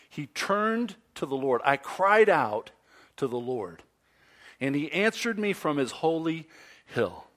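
A man preaching a sermon, swinging from loud, emphatic stresses to soft, low asides. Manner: slow, deliberate delivery with pauses. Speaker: pastor.

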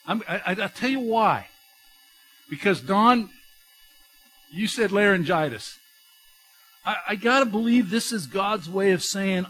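A middle-aged man preaching a sermon, talking to the congregation in an animated, conversational way with emphatic rises and quick restarts. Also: sits high. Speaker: pastor.

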